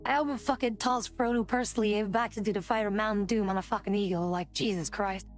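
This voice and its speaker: A woman's voice: medium pitch, steady tone, fairly quick, soft background music. A woman streamer chatting casually, indignant and rambling, swearing often. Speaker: VTuber streamer.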